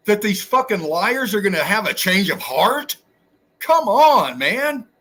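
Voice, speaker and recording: A man's voice: high voice, very animated, unhurried, a bit bright. A man hosting his own channel, delivering an angry, profane, preachy rant straight at his viewers. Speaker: channel host. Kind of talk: angry ranting monologue.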